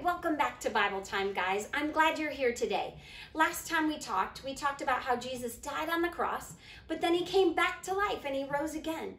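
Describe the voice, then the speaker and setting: A woman teaching preschoolers online, telling a Bible story in a gentle, sing-song way. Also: high-pitched. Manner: gentle, sing-song, talking slowly to small kids. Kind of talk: storytelling to young children. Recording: echoey room.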